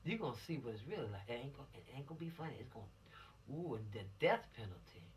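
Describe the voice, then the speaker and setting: A woman's voice: rumbling low, very animated, racing, far from the mic, slight background noise. A woman, a police officer giving teens an informal law lesson in a folksy, admonishing, preachy way.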